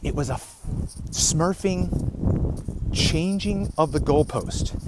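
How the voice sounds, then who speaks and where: A man telling a story in a casual monologue, animated and exasperated. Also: a little high, slow pace. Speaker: podcaster. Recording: noisy home recording.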